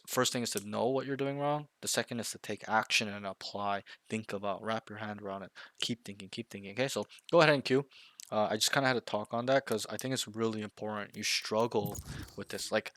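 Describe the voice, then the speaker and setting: A man coaching a player one on one, blunt and intense, pressing his points and swearing now and then. His voice sits a little low but has a bright, forceful edge. The sound is dry and close, with no room around it. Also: no echo. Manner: repeats himself, checks in with okay and right. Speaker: game coach.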